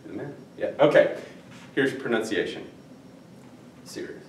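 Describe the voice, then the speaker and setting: A man teaches a Spanish class at a whiteboard, cracking jokes between number drills. His voice is on the low side, expressive and at normal speed, picked up by a far-off camera in an echoey classroom.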